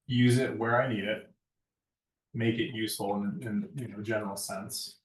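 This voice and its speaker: With a lowish voice and fairly even intonation, a man moves at a moderate pace through a conversational lighting design lecture. He often punctuates his points with "right?" The echoey room and distant mic make him sound far away.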